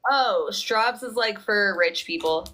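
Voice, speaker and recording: A woman's voice: mid-range voice, slow, pushed and bright. A woman hosting a casual chat, playful and teasing. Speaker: host.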